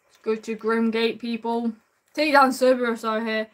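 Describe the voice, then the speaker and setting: A woman's voice: fairly high pitch, flat delivery, moderate pace. A woman streaming gameplay live, chatting with viewers in an upbeat way and calling them man and bro. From United Kingdom.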